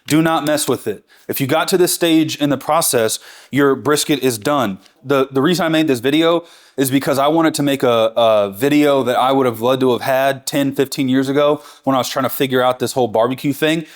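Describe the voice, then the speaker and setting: Man, thirties, barbecue host, cooking demo, enthusiastic, chatty, mid-pitched voice. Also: a little fast. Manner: enthusiastic, chatty, self-correcting. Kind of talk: hands-on cooking demonstration.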